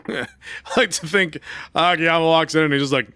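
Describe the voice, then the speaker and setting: A man's voice: on the high side, normal speed, sharp tone, clear, resonant tone. A man streaming a game, reading its dialogue aloud and adding wry joking asides. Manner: wry, joking asides between read lines.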